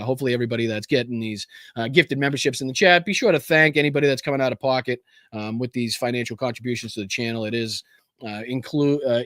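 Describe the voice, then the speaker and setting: A male political show host rambling through a casual livestream in a mid-pitched voice. He swears freely and keeps restarting half-finished phrases. The sound is dry and close, with no room around it. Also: fairly bright tone, no room sound.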